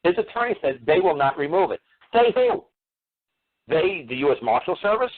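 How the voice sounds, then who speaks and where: A man's voice: on the high side, sing-song, quick pace. A man lecturing on a call-in radio show, combative and blunt, hammering listeners with repeated rhetorical questions and swearing. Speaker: radio talk show host. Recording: tinny phone-line radio audio.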